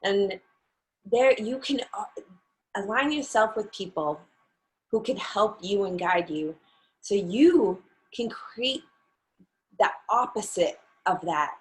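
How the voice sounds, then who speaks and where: A woman hosts an interview at a slow, measured pace. She talks earnestly and weighs each word. Her pitch sits in a middle range. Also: animated, poor audio. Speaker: host. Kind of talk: conversational interview.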